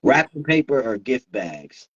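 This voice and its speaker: A man's voice: mid-range voice, unhurried, slightly rough. Man, casual co-host, rambling storyteller, muffled lo-fi sound. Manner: relaxed storytelling, laughs often, many fillers. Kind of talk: casual chat.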